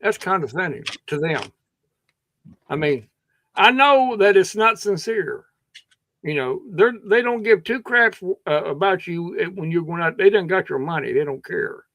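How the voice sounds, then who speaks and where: A man with a Kentucky accent chats on a livestream, and his voice is fairly high and swings widely in pitch. His throat is a little scratchy and he drawls and meanders, often restarting his sentences. The sound is close and dry. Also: expressive, a little slow, fairly bright tone, dry recording. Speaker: livestream host. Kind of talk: rambling casual chat.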